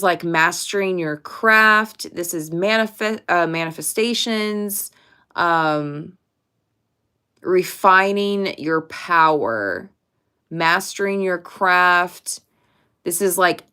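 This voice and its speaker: A woman reads tarot cards for her viewers in a casual, direct way, stressing her points and swearing freely. Her voice is lowish for a woman and smooth and clear. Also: a bit bright. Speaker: tarot reader. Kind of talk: casual pick-a-card tarot reading to camera.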